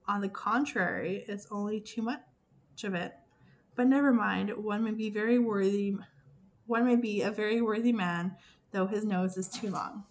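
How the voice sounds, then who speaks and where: Casting: a vain, endlessly chattering old fairy princess, put on by a woman reading, voiced a touch higher and brighter, breathless with talk. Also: normal speed, a little hiss or hum, natural voice. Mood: chatty.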